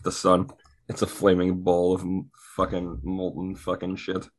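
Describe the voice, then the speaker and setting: A tired man co-hosting a casual podcast, low-key and bluntly dry in his remarks. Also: monotone, measured pace. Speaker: podcast co-host.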